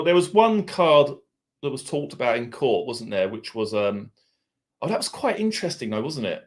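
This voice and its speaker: A middle-aged man with an Essex accent, chatting casually on a livestream, reading out viewers' comments and musing aloud in a self-deprecating way. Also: medium pitch. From Essex, England. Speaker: livestream host. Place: home.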